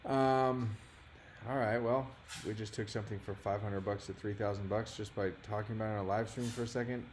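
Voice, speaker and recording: A man's voice: on the low side, fairly even intonation, brisk, a little hiss or hum. A man in his thirties hosting a casual livestream, rambling and self-deprecating, often frustrated with himself. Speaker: livestream host.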